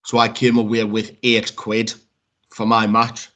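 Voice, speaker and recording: A man, a wrestler, chatting casually as a podcast guest, telling lively stories that he acts out and peppering them with swearing. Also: on the low side, a little slow, muffled recording. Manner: lively storyteller, swears freely, acts out quotes.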